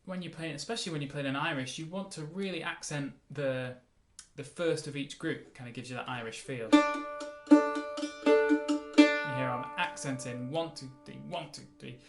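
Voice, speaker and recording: A man teaching a mandolin lesson, explaining in a relaxed way and counting the beats aloud. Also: fairly high pitch, normal speed, over loud music. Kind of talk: casual music lesson. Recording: roomy sound with mandolin playing.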